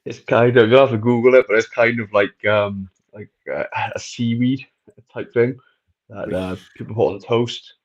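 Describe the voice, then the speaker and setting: A man's voice: mid-range voice, fairly even intonation, moderate pace. A man with an English accent answering interview questions casually over a video call, hesitating with lots of fillers. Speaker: guest fighter. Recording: muffled video call audio.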